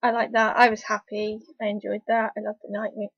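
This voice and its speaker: A woman talking casually in a review vlog, rambling and hesitant with lots of fillers, an excitable fan. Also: medium pitch, fairly quick, slightly rough, no room sound. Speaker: TV episode reviewer. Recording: dull lo-fi, dry recording.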